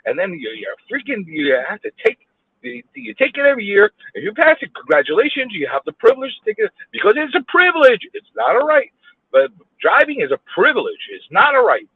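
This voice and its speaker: A man's voice: sits high, wildly swooping pitch, fairly quick, breathy edge, dry recording. A man with a New York accent ranting angrily while driving in city traffic, firing off repeated rhetorical questions and swearing. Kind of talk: angry road rant. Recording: tinny phone-like audio.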